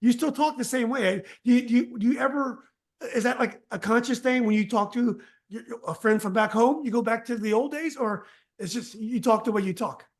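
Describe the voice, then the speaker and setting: A man's voice: extremely high pitch, a little fast. A man hosting a podcast interview, talking in a casual, conversational way and often restarting his sentences. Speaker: podcast host.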